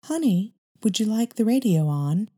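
A woman plays a gentle, worn-down mother in a spoken story, soft and pleading, a little higher than the narration. The tone stays warm and mellow. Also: animated, normal speed, breathy edge.

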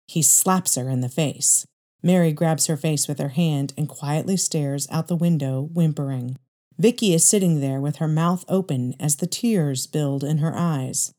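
A woman narrating a dramatic story aloud in a measured, steady way. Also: low-pitched.

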